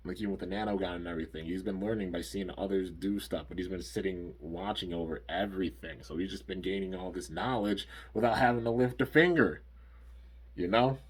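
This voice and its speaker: Low husky man recapping casually. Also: quick pace, few pauses. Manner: rambling, filler-heavy, frequent "like" and "you know". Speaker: anime episode reviewer.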